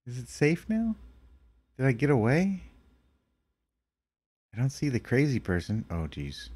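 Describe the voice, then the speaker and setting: A man commentating a video game as he plays, excitable and panicky, talking to himself, with game music behind him. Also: medium pitch, unhurried, pauses often, husky. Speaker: let's play host.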